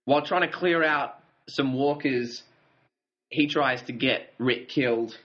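A man's voice: medium pitch, measured pace, fairly bright tone. Guy casually recapping episodes with a buddy, wry, kinda muffled recording. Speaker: podcast co-host. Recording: dull lo-fi audio.

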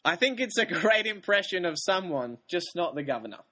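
A man's voice: sits high, very animated, moderate pace, bright, forceful tone. Man co-hosting a film podcast, dry teasing. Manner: dry teasing, laughs often. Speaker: podcast co-host. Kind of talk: casual chat.

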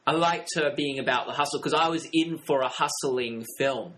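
A man's voice: mid-range voice, moderate pace, fairly bright tone, rough recording. A man co-hosting a film podcast, chatting casually and playfully, laughing often. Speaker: podcast co-host.

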